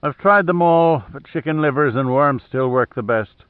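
A man voicing an old, big Irish seaman with a soft Irish accent, speaking tersely. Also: on the high side, moderate pace, clean tone, no room sound, close to an everyday voice. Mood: gruff. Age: older. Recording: thin phone-like dry audio.

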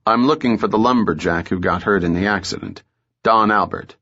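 A man voicing a calm, polite frontier detective with a dry, composed delivery, in a muffled audiobook recording. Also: fairly low pitch, brisk.

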